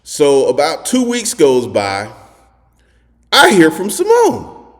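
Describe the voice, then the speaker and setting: A man telling a crude personal story in a casual monologue, animated and acting out quotes as he goes. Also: a little high, takes it slowly, long reverb tail. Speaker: host.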